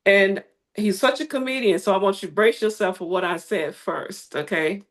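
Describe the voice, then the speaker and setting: A woman guest in an interview, telling her story in an animated way and acting out the people she quotes. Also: mid-range voice, moderate pace. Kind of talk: conversational storytelling.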